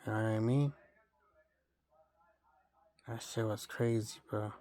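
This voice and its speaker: A man's voice: lowish voice, fairly even intonation, slow pace, mellow. A man from Romania ranting in a rambling, profane monologue, tossing in bro and dog all the time. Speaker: vlogger.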